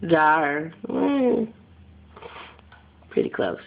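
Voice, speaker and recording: A woman's voice: sits low, huge pitch swings, drawn-out words, vocal fry. Patient coaxing mother on a phone video. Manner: coaxing, patient, prompting a child to name things. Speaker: parent. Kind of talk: home video talk with a toddler. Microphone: phone camera. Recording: dull lo-fi phone audio.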